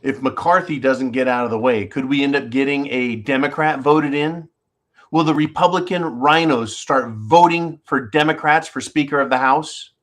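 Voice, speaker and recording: A man's voice: on the high side, a bit bright. A man hosting a live show, ranting in a heated, profane way, repeating himself and calling his listeners "folks.". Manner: fired-up, profane, repeats phrases, addresses "folks". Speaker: host of a live call-in show. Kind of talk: heated political rant.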